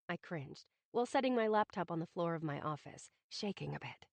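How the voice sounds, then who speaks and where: Expressive woman narrating a romance audiobook. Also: lowish voice, a little fast, creaky, no room sound. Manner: wry, self-conscious, expressive.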